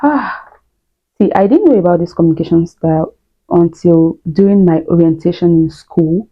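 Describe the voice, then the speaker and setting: A woman's voice: lowish voice, moderate pace. A young woman from Nigeria with a Nigerian accent, talking candidly and chattily to camera with lots of fillers. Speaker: vlogger. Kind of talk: casual talk to camera. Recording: dull lo-fi sound.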